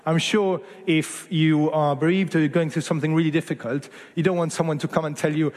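A man's voice: on the high side, fairly even intonation, a little fast, hardly any pauses, a little mellow, big-room sound. A man in his forties from Argentina, preaching a sermon in an earnest, conversational way that often corrects itself mid-phrase. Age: 40s.

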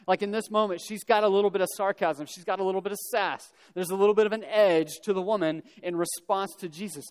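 Male pastor, high register, relaxed conversational sermon with humorous asides, reverberant hall. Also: fast talker, hardly any pauses, clean tone. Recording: long reverb of a large hall.

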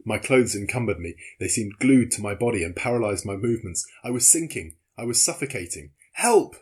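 A man narrates an audiobook in a measured, steady manner. His voice is husky and sits on the low side. He reads the story aloud without hurry. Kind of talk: scripted narration.

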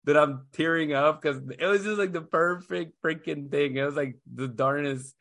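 A man's voice: a little high, normal speed, a bit bright, dry recording, studio quality. A man in his thirties hosting a podcast, telling a story in a loose, rambling way full of fillers and restarts. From Houston area, USA. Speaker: podcast host. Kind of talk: casual chat.

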